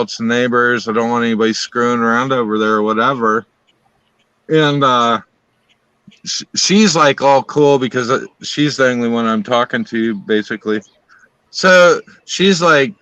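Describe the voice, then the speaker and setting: A man spins a long story in a bright, forceful voice, swearing in nearly every sentence and piling one aside on top of another. The sound is dry and close, with almost no room around it. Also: medium pitch, no room sound, rough recording. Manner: rambling, swears constantly, animated retelling. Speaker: storyteller on a live stream. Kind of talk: casual profane storytelling.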